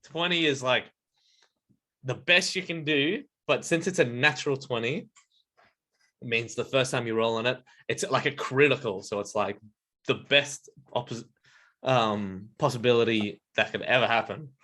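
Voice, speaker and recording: A man's voice: medium pitch, normal speed, pushed and bright. A man running a casual tabletop game, narrating with a rambling, filler-heavy manner. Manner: rambling, lots of "like" and "um". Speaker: game master.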